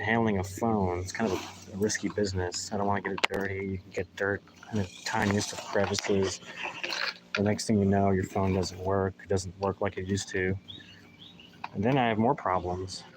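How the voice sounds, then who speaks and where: A man's voice: fairly low pitch, background noise. A man chatting casually in a live vlog while potting plants in a garden, rambling with sarcastic mock enthusiasm, recorded on a phone in his hand. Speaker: gardening vlogger. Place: outdoor garden. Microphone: phone held in hand.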